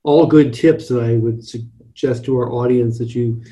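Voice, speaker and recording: A male interview host with a mellow, relaxed tone addresses his audience. He speaks in a friendly way as he closes the segment. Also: medium pitch, measured pace, low-quality recording.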